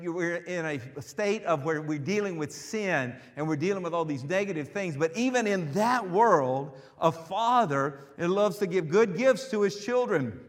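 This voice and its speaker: A man pastor preaching a sermon, building with fervor and calling out to the congregation. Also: a little high. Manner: preaching with rising fervor, calls and responses. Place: church sanctuary. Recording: long hall reverb.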